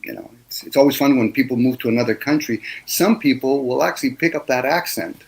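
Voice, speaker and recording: A man's voice: medium pitch, fast, gravelly, breathy edge, poor audio. A man from Canada chatting casually as a co-host, easygoing and thinking aloud with the odd chuckle. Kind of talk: casual chat.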